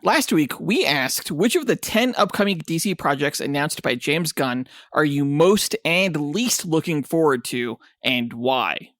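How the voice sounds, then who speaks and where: A man's voice: on the high side, lively intonation, measured pace, few pauses, a bit bright, dry recording, clean studio sound. A man co-hosting a comic book podcast, chatting with enthusiasm. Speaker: podcast co-host. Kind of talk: casual podcast chat.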